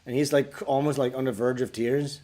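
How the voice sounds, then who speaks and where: A man's voice: mid-range voice, little pitch movement, a little fast. A man on a livestream telling crude, rambling stories full of swearing and laughter as he answers viewer questions. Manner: acts out callers in louder voices. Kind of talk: casual livestream chat.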